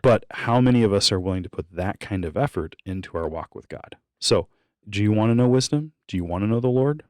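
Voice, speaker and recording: A man's voice: lowish voice, expressive, a little fast, a little mellow, no room sound, clean studio sound. A man, a young adult, giving a casual devotional on a podcast, earnest and teacherly, building to exhortation.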